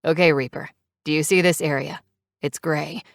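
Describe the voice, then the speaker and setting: Woman voicing gentle male doctor, steady, low voice, dry recording. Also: moderate pace, gravelly, no echo. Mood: reassuring. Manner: calm, reassuring. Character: calm male club doctor, kind and steady.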